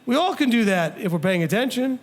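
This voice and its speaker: A high-voiced man teaches a congregation as their rabbi. He talks in a loose, conversational way, slipping into other people's voices to act out what they might say. He keeps turning to the listeners with direct questions. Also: brisk. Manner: animated, acts out quoted people and questions the audience.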